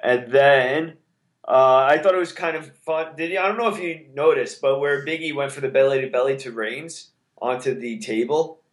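A man's voice: mid-range voice, moderate pace. A man co-hosting a podcast, giving his opinions on wrestling in casual, hesitant chat. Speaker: podcast co-host. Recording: roomy echo.

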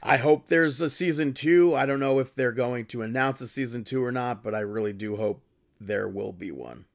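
A man co-hosting a podcast in a relaxed, chatty way, often laughing. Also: medium pitch, moderate pace, vocal fry. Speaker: podcast co-host. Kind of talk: casual chat.

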